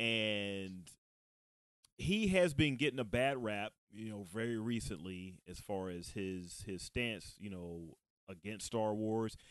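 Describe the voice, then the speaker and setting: A man's voice: on the low side, dry recording. A man hosting a podcast in casual chat, rambling with many fillers and laughing often. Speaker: podcast host.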